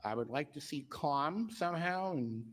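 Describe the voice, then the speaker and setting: A man giving public comment at a city council meeting, halting and earnest, with many fillers. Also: on the high side, lively intonation, a little hiss or hum.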